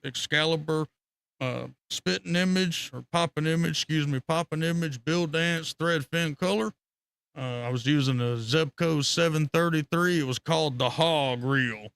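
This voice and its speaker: A man's voice: medium pitch, vocal fry, clear, resonant tone. A man telling rambling, profane fishing stories on a casual live stream. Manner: rambling, profane, animated storytelling with laughter.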